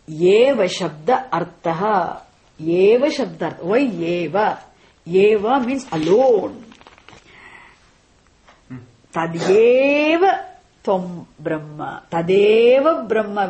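A woman teaching a class on scripture, speaking deliberately and often checking in with "isn't it?". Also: mid-range voice, expressive, warm tone. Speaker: Vedanta teacher.

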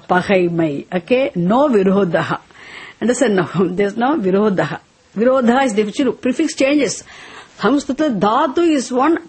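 Husky woman teaching slowly in English. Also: mid-range voice, a little mellow. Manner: slow, repetitive teaching, has students repeat words. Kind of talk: spiritual text class.

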